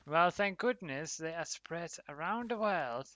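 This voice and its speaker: Male streamer, slightly high voice, tense and bright tone, casual commentary to chat. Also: lively intonation, unhurried, few pauses, dry recording. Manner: chatty, talks to viewers, laughs often. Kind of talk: casual livestream commentary while gaming.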